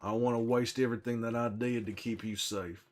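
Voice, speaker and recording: A man's voice: medium pitch, fairly even intonation, fairly quick, a little mellow, natural voice. A man playing a grizzled, hot-tempered survivor while commenting in character on his game, swearing a lot and scolding himself. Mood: bitter, remorseful. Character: grizzled middle-aged male survivor, protective and hot-tempered.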